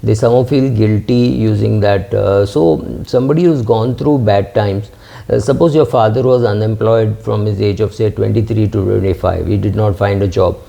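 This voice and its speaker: A man's voice: lowish voice, moderate pace, creaky, warm tone. A middle-aged man hosting a finance channel, answering viewer questions in a casual, hesitant way, with many fillers and restarts. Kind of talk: casual talk reading and answering comments. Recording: dull lo-fi sound.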